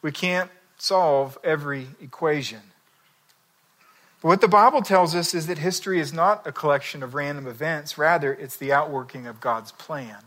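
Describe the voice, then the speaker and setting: A man's voice: a little high, normal speed, a bit bright. A man preaching a sermon, telling a story and reading scripture in a conversational, emphatic way. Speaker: pastor.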